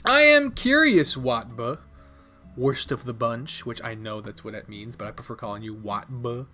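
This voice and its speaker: A man's voice: medium pitch, flat delivery, normal speed, a bit bright, soft background music. A man hosting a let's play, chatting casually, often laughing, swearing and restarting his sentences. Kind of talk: casual chat.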